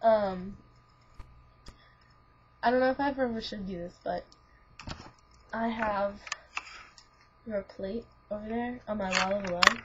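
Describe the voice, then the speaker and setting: Speaking slowly with frequent pauses, this young student vlogger has a mid-range, fairly bright voice, recorded on a lo-fi webcam with slight background noise. She tells a friend about her dream in a giggly, rambling way, filled with "like" and restarts.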